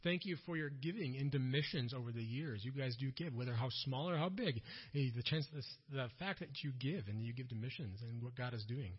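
A man's voice: medium pitch, fairly quick, breathy edge. A man speaking as a missionary at a church conference, telling stories from his work and acting out the people in them. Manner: animated storyteller, acts out quotes loudly. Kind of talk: mission talk with storytelling. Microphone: church PA recording. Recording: dull lo-fi audio.

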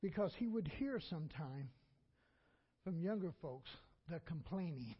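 A man's voice: on the high side, expressive, measured pace, breathy edge, lo-fi sound. A man preaching a sermon as pastor. He repeats lines for emphasis and leaves gaps for the congregation to answer.

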